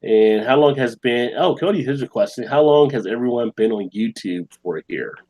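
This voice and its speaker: A man's voice: medium pitch, expressive, normal speed, highs cut off. Male beer-stream host, mid-range voice, loose conversational delivery, reads comments aloud. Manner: chatty, reads viewer comments aloud and laughs often. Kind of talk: casual live-stream chat.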